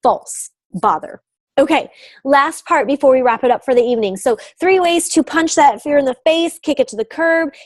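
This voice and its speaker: A woman's voice: sits high, darkish tone, no room sound. A young adult woman coach giving an upbeat, emphatic motivational talk. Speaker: business coach.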